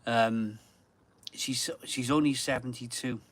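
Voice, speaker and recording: A man's voice: mid-range voice, steady tone, slow. A man hosting a beer channel live stream in casual chat from his garden, rambling and repeating phrases for emphasis. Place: home garden.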